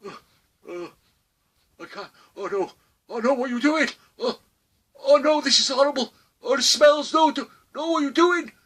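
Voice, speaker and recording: A man voicing a rude grandson who is paralysed on a hospital floor, crying out in a high, panicky, pleading voice. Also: measured pace, long pauses, sharp tone, full character voice. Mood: panicked pleading.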